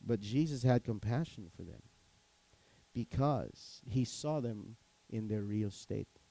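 A man's voice: lowish voice, takes it slowly, gravelly, dark tone, poor audio. A man preaching a sermon as pastor, telling stories animatedly, acting out quotes and asking the congregation questions.

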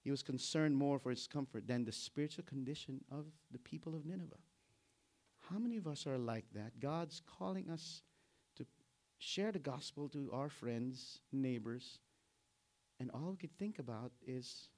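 A middle-aged man preaching a sermon in an animated way, acting out biblical characters and laughing as he goes. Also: medium pitch, a little slow, long pauses. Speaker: pastor.

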